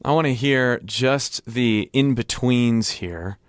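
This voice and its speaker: A man's voice: medium pitch, takes it slowly, clean tone, dry recording, clean studio sound. A man hosting a casual music reaction, explaining what he hears and thinking aloud. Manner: explanatory, thinks aloud, sings snippets to demonstrate. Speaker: host. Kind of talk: casual music analysis while listening.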